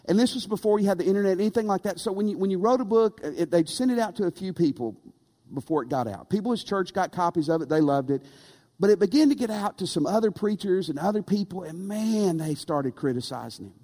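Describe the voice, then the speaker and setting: A pastor preaching with lively, swooping intonation, pitched a touch high for a man. He throws rhetorical questions and "amen?" at the congregation. A long reverb from the church hall trails every phrase. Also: fast talker. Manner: animated, rhetorical, calls for amen. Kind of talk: sermon.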